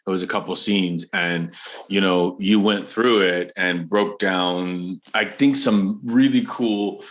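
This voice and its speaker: A man's voice: low-pitched, steady tone, slow, a bit bright. A man hosting a podcast, asking rambling questions with frequent laughs and backchannel replies. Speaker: podcast host. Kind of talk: casual interview chat.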